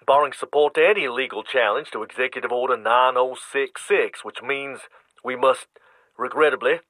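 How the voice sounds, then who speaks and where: A man's voice: mid-range voice, fairly bright tone, no echo, rough recording. An actor in a one-man stage play, playing a cautious male official who delivers news in an official tone. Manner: measured, regretful, official.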